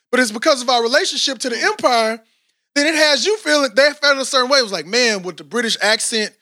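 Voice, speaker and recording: A man's voice: extremely high pitch, dry recording, clean studio sound. A man, chatting casually and animatedly in a rambling, slangy way as a podcast co-host. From Texas, USA. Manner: animated, rambling, slangy, frequent "you know what I'm saying". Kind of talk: casual chat.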